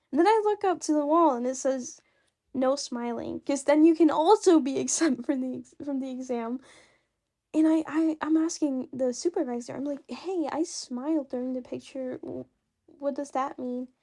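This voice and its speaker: A woman speaking English as a second language, telling a personal story in a casual, animated, self-mocking way with frequent laughs. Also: high voice. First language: not English.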